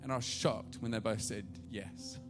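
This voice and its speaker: A man preaching a sermon as pastor, telling a story and swinging from hushed asides to loud, excited calls. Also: on the low side, moderate pace, over music.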